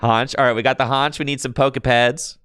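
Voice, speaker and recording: A man streaming a card game on his computer, chatting casually and excitably with his viewers in slang, with bursts of laughter. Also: mid-range voice, fairly quick, smooth, no echo, clean studio sound. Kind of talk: casual live-stream chat while playing a card game.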